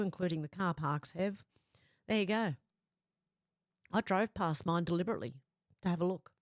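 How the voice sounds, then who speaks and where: A woman's voice: lowish voice, darkish tone, no echo. A woman hosting a livestream, reading viewer comments aloud in a chatty, laughing way, close to a desk microphone. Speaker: livestream host reading chat. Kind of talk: casual livestream chat.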